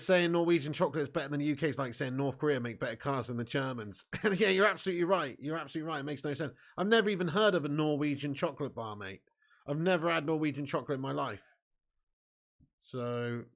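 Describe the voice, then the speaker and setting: A man's voice: a little high, quick pace. A man hosting a live football watch-along stream, reading viewers' comments aloud and bantering back at them.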